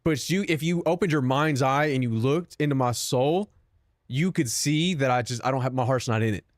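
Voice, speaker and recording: A man's voice: mid-range voice, normal speed, no echo. Self-mocking young male streamer, dry sound. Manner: self-mocking, profane, joking. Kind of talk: casual chat with viewers.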